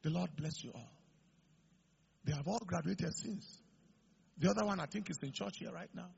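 A middle-aged man preaching a sermon, building up to shouted declarations. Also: high voice, moderate pace, gravelly, breathy edge, muffled recording. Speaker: pastor.

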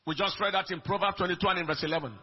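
A man preaching a sermon in an emphatic way, swinging between soft lines and shouted ones. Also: sits high, very fast. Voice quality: raspy, gravelly. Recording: dull lo-fi recording.

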